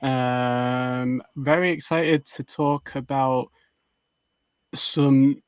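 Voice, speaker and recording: A man's voice: mid-range voice, steady tone, extremely slow, clean tone, no room sound. A man on a podcast panel chatting casually, giggly and hesitant with lots of ums.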